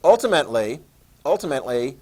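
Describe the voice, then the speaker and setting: Male history teacher, animated classroom storyteller, mid pitch, repeats key terms. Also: breathy edge. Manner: animated storytelling, acts out leaders in quick voices. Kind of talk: classroom lecture.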